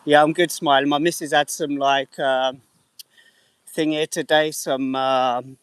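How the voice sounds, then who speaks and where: A man's voice: fairly high pitch, little pitch movement, measured pace, clear, resonant tone, no echo. Casual English man chatting on a live stream. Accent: English, slightly mixed. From England. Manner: swears casually, chats to viewers by name. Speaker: livestreamer.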